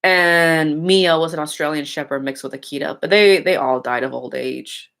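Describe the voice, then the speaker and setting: A woman's voice: low-pitched, moderate pace, creaky, a bit bright. A young woman chatting casually and bluntly with her viewers, swearing freely and rambling with many restarts. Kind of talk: casual chat.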